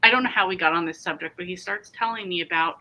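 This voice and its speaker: A woman's voice: fairly low pitch, fast talker, pushed and bright, low-quality recording. A woman hosting a casual livestream, chatting and reading out viewer comments. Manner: chatty, reads comments aloud and riffs on them. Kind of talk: casual chat.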